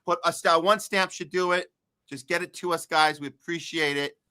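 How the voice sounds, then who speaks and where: A man's voice: a little high, steady tone, normal speed, bright, forceful tone, clean tone, no echo, studio quality. A man hosting a podcast in casual chat, joking and chatty, talking straight to his listeners. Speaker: podcast host.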